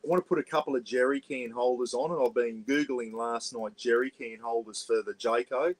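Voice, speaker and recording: Speaking a little fast in a mid-range voice with fairly even intonation, this Australian vlog host rambles chattily on a livestream from his parked caravan. He drops "bloody" often, and the recording is rough.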